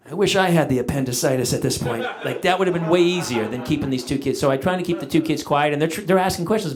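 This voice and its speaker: Onstage at a comedy club, a middle-aged comic talks fast with hardly any pauses in a voice on the high side, animatedly acting out quoted family members in changing voices. Live audience laughter surrounds him.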